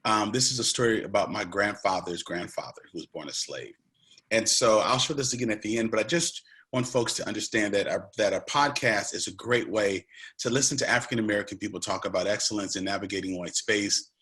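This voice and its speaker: A man with a somewhat low voice leads an online session. He talks in an earnest, conversational way, pressing on key points with emphasis. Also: fairly quick, bright, forceful tone. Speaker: presenter. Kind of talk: live online presentation.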